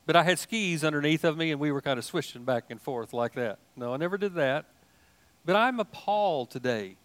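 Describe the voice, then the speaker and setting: An older man preaching a sermon in a folksy, animated way, mixing asides and jokes into his teaching. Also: medium pitch, clean tone. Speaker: pastor.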